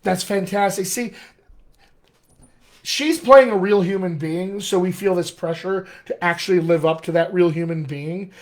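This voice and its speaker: A male dialect coach with a General American accent, lightly tinged by his Colorado roots, speaking in a fairly high voice. He runs a chatty live-stream Q&A, upbeat and encouraging, often calling listeners his friends and stumbling through fillers and restarts. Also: unhurried. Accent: General American with a slight Colorado tinge. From Colorado, USA.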